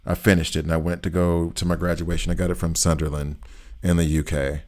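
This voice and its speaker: A man streams a video game, chatting casually, joking, rambling, and laughing often as he plays. His deep voice is level in tone, a little fast, and slightly mellow.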